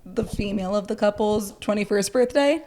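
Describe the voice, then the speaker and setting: A woman's voice: mid-range voice, a little fast, dark tone. A young woman co-hosting a podcast, telling a story in casual chat and filling her sentences with "like". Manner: rambling storyteller, heavy use of "like". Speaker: podcast co-host.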